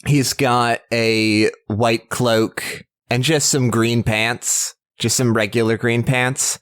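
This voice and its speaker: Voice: medium pitch, steady tone, slow pace, smooth, no echo, studio quality. A podcast co-host in casual chat, rambling and hesitant with many fillers.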